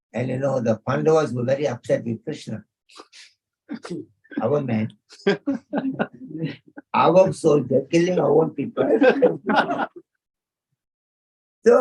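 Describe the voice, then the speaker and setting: Swami telling a story, lots of chuckles. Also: male voice, on the high side, vocal fry, a little mellow, breathy edge, rough recording. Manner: chuckling, fond of "you know", acts out dialogue. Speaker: visiting swami. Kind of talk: sermon storytelling. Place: home gathering.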